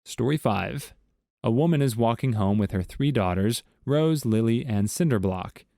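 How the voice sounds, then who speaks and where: A man reading short jokes aloud as scripted narration, with a steady storytelling delivery. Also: medium pitch, normal speed, vocal fry, no echo, clean studio sound. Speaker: joke narrator.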